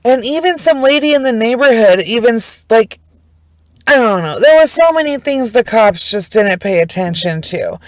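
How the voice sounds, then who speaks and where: A woman's voice: a little high, expressive, moderate pace, no room sound, rough recording. A woman casually retelling a true crime case, chatty and indignant, full of fillers and swearing. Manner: emotionally invested, indignant.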